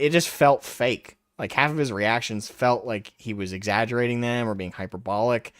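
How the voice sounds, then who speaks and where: Guy ranting on his livestream, smooth clear voice, brash and mocking. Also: lowish voice, dry recording, studio quality. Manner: brash and mocking, taunting in a raised voice. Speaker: livestream host. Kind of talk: casual livestream commentary.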